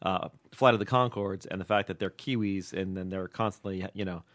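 A man hosting a podcast in casual, rambling chat, playful and quick to laugh. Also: low-pitched, a bit bright, no room sound. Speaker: podcast host.

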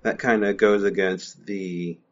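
A man with a very deep voice chats about a story in a loose, hesitant way, with lots of "uh"s as he goes. The recording sounds dull and lo-fi. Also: steady tone, unhurried. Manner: chatty, hesitant, many fillers. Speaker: discussion co-host. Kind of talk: casual literary discussion.

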